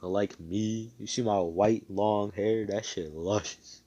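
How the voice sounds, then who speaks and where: A man's voice: on the low side, fairly even intonation, slow, warm tone, muffled recording. A man voicing a brash, carefree young male hero in a casual, slangy way, improvising a fan story. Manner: cocky, laid-back, slangy.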